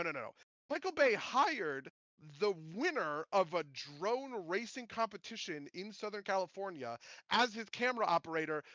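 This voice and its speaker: A man hosting a podcast, chatting casually about movies in a rambling, animated way with many restarts. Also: high voice, no room sound, dull audio. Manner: rambling, animated, self-interrupting. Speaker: podcast host.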